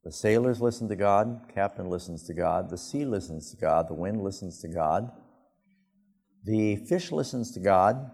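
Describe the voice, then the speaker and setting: A male pastor preaching a sermon, telling the story emphatically and with sudden rises in pitch. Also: normal speed, creaky, darkish tone, breathy edge. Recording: long hall reverb.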